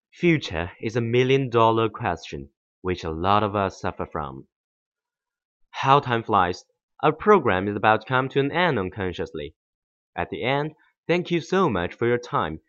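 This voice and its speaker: A man's voice: mid-range voice, a bit bright, dry recording. Formal male campus radio host, lo-fi. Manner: formal, stiff phrasing. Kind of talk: scripted interview hosting. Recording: dull lo-fi recording.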